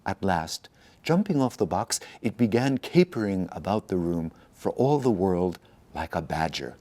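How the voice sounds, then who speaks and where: A man reading a fairy tale aloud, with expressive storytelling narration. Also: deep voice. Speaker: institute director reading aloud. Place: institute in Tokyo.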